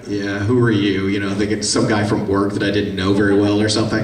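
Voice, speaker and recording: Chatty man, low, echoey hall. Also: a little fast. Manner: chatty, animated, acts out quoted voices. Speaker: voice actor on a convention panel. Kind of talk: casual storytelling with audience questions. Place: convention panel room. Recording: echoey room, distant mic, faint hiss.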